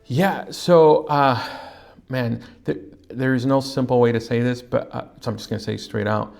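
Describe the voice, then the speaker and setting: A man who pastors a Spanish-speaking church, talking casually on a podcast with frequent pauses and fillers. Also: mid-range voice, steady tone, gravelly, a little mellow, faint music behind. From California, USA. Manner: halting, with many fillers and restarts.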